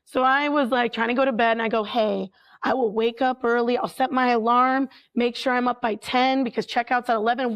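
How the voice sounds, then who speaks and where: A woman telling a story in a chatty, animated way as a paranormal investigator guest, full of filler words. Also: a little high, brisk. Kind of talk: casual storytelling.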